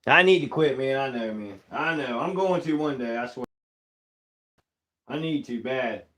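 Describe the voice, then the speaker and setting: Unhurried and a bit bright, his mid-range voice carries a casual live stream chat. The young taxidermist jokes while working, greets viewers by name, and talks in a laid-back way with Southern-style casual grammar.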